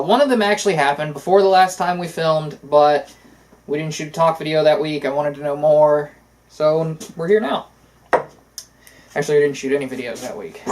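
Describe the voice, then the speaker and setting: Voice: medium pitch, a little mellow, poor audio. An opinionated co-host talking politics in a loose, casual chat. The talk comes in long runs full of "uh" and "so". The tone is conversational and unscripted. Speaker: podcast co-host.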